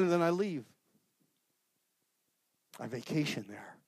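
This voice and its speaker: A middle-aged man giving an informal, earnest sermon to a men's group, swinging from loud outbursts to hushed prayer. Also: mid-range voice, moderate pace, pauses often, dry recording, clean studio sound. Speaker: lay speaker at a men's gathering.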